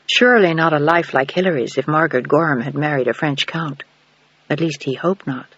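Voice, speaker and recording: A man reading a novel aloud as an audiobook narrator, with steady, even storytelling. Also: on the high side, fairly quick, husky, no room sound. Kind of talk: scripted narration. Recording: dull, dry studio recording.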